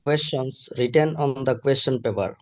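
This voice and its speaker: A male student reading a passage aloud in a slow, careful, formal way over a video call. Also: medium pitch.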